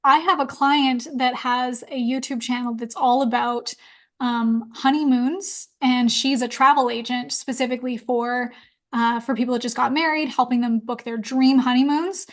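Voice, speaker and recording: A woman's voice: a little high, steady tone, moderate pace. A woman hosting a live online workshop, chatting upbeat while answering questions from the comments. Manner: chatty, upbeat, quotes clients in voices. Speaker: webinar host. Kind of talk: live Q&A webinar.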